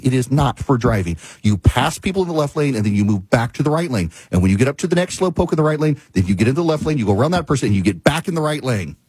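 A man with a slightly husky voice delivers a rambling talk show monologue, exasperated and emphatic. He repeats his points to hammer them home, and the sound is close and dry. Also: darkish tone, no room sound. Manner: laughs mid-sentence and bursts into high-pitched exclamations. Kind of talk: casual monologue, ranting storytelling.

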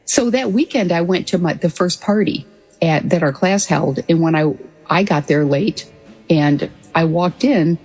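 A woman's voice: on the low side, a little slow, a little mellow, breathy edge, in a large hall, faint music behind, rough recording. A woman in her sixties, a former military pilot, telling her story as an interview guest in an earnest, reflective way. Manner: earnest and reflective, with frequent restarts and light laughs. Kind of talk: conversational storytelling.

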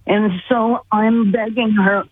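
A woman's voice: medium pitch, level tone, slow, breathy edge. A woman caller earnestly and vividly recounting a personal story. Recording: tinny phone line with faint hiss.

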